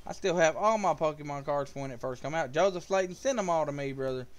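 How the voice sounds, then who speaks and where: A man's voice: a little high, quick pace. A man giving casual live gameplay commentary, joking with viewers and calling out their names. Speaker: live streamer.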